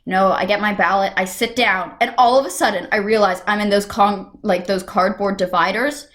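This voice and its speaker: A young woman from the United States telling a casual storytime vlog at home, animated and quick to burst into sudden shouts. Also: mid-range voice. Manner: animated, breaks into sudden loud shouts and whispers. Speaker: vlogger. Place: home room.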